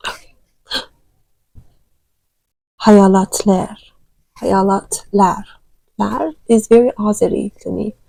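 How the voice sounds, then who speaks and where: A woman's voice: mid-range voice, moderate pace, creaky, long pauses, mellow, breathy edge, no echo, poor audio. A woman who grew up speaking Turkmen, chatting casually and with many hesitant fillers about learning languages. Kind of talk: casual vlog talk.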